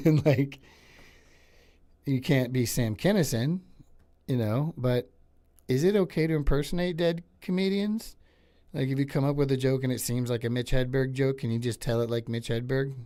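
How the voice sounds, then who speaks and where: A podcast host and comedian chats casually in a studio, rambling and using lots of filler. His medium-pitched voice is warm, recorded with no room sound.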